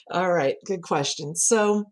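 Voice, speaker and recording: A middle-aged woman, a communication coach, chatting as a podcast guest and telling animated stories with frequent laughter. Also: lowish voice. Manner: lively storyteller who laughs often and acts out quotes. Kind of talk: conversational podcast interview.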